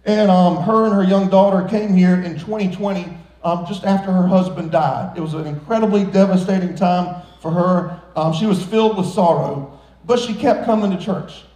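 Male pastor preaching, high bright-toned voice, joking between earnest points, big echoing church hall. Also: moderate pace. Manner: playful, joking asides between earnest exhortations. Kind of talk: sermon. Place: large church sanctuary.

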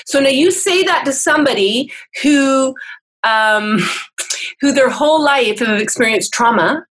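On a low-quality recording, a woman with a high, somewhat bright voice speaks at an unhurried pace. She's a counselor and teacher appearing as a guest on a video call, explaining things earnestly and instructively and frequently asking "right?"

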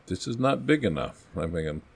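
Deep-voiced man spinning a folksy yarn. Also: expressive, brisk, gravelly, slightly rough. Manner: folksy, rambling anecdotes with acted-out quotes. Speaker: podcast guest, former police officer. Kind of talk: casual storytelling.

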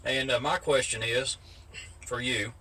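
Bright-voiced Southern man, halting. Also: mid-range voice, steady tone, slight background noise. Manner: halting, hesitant, playful boasting. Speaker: viewer sending a video question.

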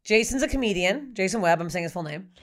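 A mid-pitched woman in her thirties from Canada, chatting as a comedian guest on a podcast. She tells crude stories with energy and acts out the quotes. Her delivery stays casual and unfiltered. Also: quick pace. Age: 30s. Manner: crude, animated storytelling with acted-out quotes.

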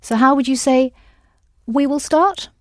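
A woman's voice: high-pitched, a little slow, no room sound, studio quality. A woman teaching an audio language lesson, patiently prompting and correcting her students.

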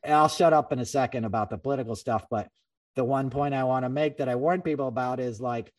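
A man hosting a podcast, talking politics in a loose, animated ramble. He swears freely and keeps restarting his sentences. He sits a little back from the microphone. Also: mid-range voice, fast, recorded from a distance. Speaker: podcast host. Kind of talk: casual political chat.

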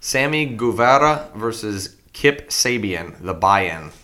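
A man reading out a list of matches to friends, halting over the names. His voice is low and bright with a forceful edge. The talk is casual and laid-back. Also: animated. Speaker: podcast co-host reading out the card. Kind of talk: casual chat among friends.

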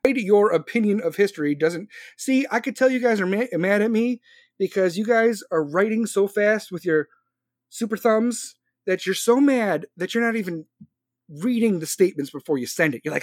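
A man's voice: high voice, expressive, fairly quick, no echo, studio quality. Sarcastic man arguing with live chat. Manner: argumentative, sarcastic, talks back to chat. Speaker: podcast host live-streaming. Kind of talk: casual live-stream commentary reading comments. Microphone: phone.

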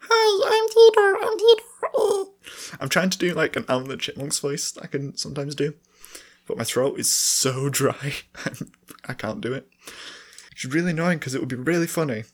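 A man's voice: medium pitch, a little fast, fairly bright tone. A man with a dry, sore throat, co-hosting a podcast and rambling in a self-mocking way while laughing often. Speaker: podcast co-host. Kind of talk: rambling solo chat between sung takes.

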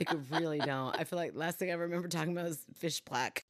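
A woman's voice: deep voice, fast talker, no room sound, studio quality. A woman co-hosting a podcast, telling stories in a casual chat and acting out the quotes with animation. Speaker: podcast co-host.

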